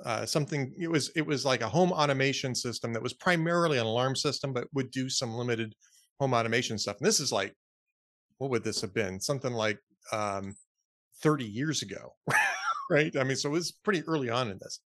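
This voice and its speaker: A man's voice: mid-range voice, fairly quick, a bit bright, no echo, clean studio sound. A middle-aged man co-hosting a podcast, telling a story in casual chat and laughing often. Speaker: podcast co-host.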